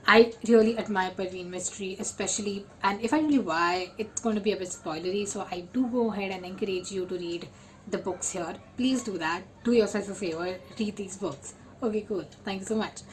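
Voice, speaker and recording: A young woman, talking casually as a book vlogger, full of fillers and repeats, with excited bursts. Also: medium pitch, fairly quick, a little hiss or hum, rough recording. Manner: chatty, lots of fillers and repeats. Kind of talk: casual chat.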